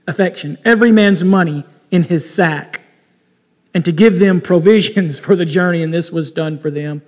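High-voiced man preaching in a reverberant hall. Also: normal speed. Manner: reads scripture aloud with pointed asides. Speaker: pastor. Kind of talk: sermon.

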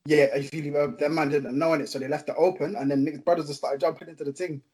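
A man's voice: on the high side, fairly even intonation, very fast, darkish tone. A young man, chatting casually and rambling in slang as a podcast co-host. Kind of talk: casual chat.

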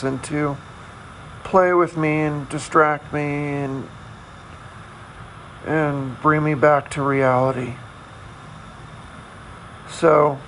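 A man hosting a casual solo podcast, talking in a candid, self-deprecating, halting way. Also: medium pitch, vocal fry, fairly bright tone, a little hiss or hum, rough recording. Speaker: podcast host.

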